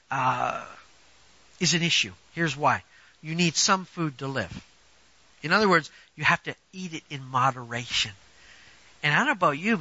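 High, sharp-voiced male preacher. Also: no room sound, lo-fi sound. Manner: emphatic, rhetorical questions to the congregation; conversational, personal examples. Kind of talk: sermon.

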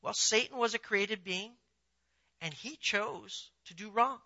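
A man preaching a sermon in a conversational, animated way, asking his listeners rhetorical questions. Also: high-pitched, a little slow, creaky. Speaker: pastor. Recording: dull lo-fi sound.

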